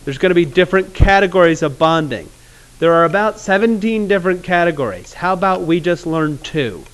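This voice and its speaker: A man teaching chemistry in a classroom, casual and joking, with awkward pauses. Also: high voice, lively intonation, smooth. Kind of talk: classroom lecture.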